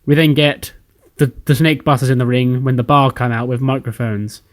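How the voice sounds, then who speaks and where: A man's voice: medium pitch, steady tone, normal speed. Casual man recapping a game. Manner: casual, storytelling with acted quotes. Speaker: game channel host. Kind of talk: narrated recap of a wrestling sim game.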